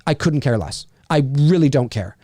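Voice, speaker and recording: A man hosting a podcast, talking in a casual, animated, rambling way, repeating words and swearing often. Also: fairly high pitch, moderate pace, no echo, studio quality. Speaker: podcast host. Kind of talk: casual chat.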